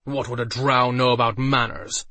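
A man voicing a hostile, proud male guildmaster mage who speaks with a low, contemptuous growl. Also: steady tone, normal speed, pushed and bright, no echo, natural voice.

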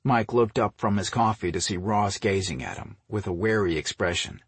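A man reading an audiobook story in a steady, measured narration. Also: on the low side, slightly rough, no echo. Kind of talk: scripted narration.

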